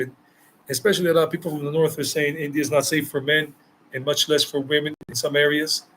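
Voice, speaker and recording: A man's voice: fairly high pitch, steady tone, brisk, fairly bright tone, slight background noise, poor audio. A man from the United States, a travel vlogger answering viewer questions live, talking emphatically and repeating phrases for stress. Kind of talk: live Q&A chat.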